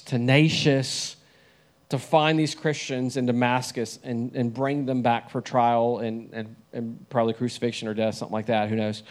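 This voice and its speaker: A man's voice: medium pitch, darkish tone. A young man preaching a sermon in a conversational way, often asking the listeners questions.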